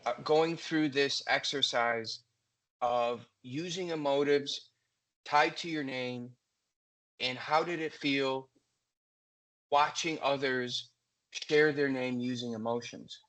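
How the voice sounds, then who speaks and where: A man facilitating a workshop on a video call, asking measured debrief questions. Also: mid-range voice, fairly even intonation, fairly bright tone.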